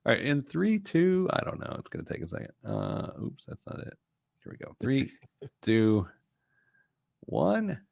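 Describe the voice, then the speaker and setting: A middle-aged man co-hosting a money podcast, his pitch leaping up and down as he talks. He jokes at his own expense and keeps laughing between his stories. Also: very animated, moderate pace, gravelly, dry recording, highs cut off. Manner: jokey, self-mocking, bursts into laughter. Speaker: podcast co-host. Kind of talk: casual chat and read-out segment.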